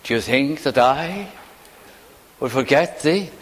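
A man's voice: mid-range voice, lively intonation. Man preaching in a reverberant church. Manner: slow, emphatic preaching with hushed, falling phrases. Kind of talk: sermon. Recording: long hall reverb.

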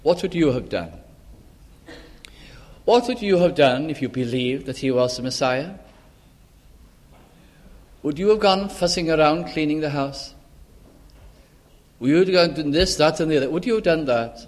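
A man's voice: animated, moderate pace, pauses often. Older man preaching an earnest sermon. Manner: earnest, rises for scripture, drops low and soft for emphasis.

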